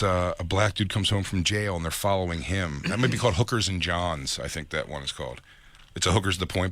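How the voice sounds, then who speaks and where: A man's voice: low voice, a bit bright. A man hosting a crude, casual radio talk show from a studio, rambling through a story and laughing often. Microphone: studio microphone.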